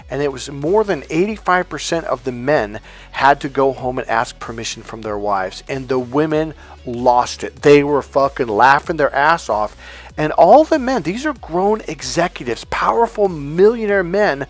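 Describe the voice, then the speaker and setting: A man's voice: on the high side, animated, normal speed, faint music behind. A man giving a casual, blunt lecture as a dating coach, swearing freely and telling anecdotes. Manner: blunt, profane, emphatic.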